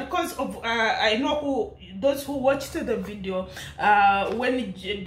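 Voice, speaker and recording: A woman's voice: mid-range voice, a bit bright, reverberant, a little hiss or hum. A woman with an East African English accent ranting in commentary, indignant and laughing, firing rhetorical questions. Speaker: commentary vlogger.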